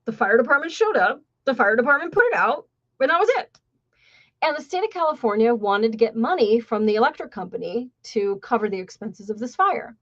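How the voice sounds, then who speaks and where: A woman's voice: fairly high pitch, lively intonation, a little fast, highs cut off. A woman hosting a podcast, telling a story in a blunt, sarcastic and profane way. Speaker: podcast host. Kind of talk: casual storytelling.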